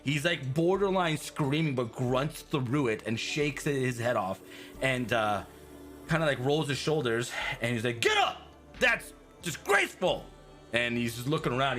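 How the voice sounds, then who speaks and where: A man narrating a tabletop game as game master, an animated storyteller full of fillers who laughs easily. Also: mid-range voice, normal speed, faint music behind.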